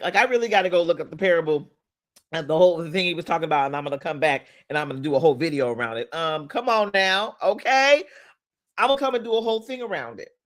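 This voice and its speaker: A woman business coach talking casually in a motivational live stream, speaking straight to her viewers and reading out their comments, with loud emphatic bursts between quieter asides. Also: on the low side. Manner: animated, talks straight to viewers, reads out comments.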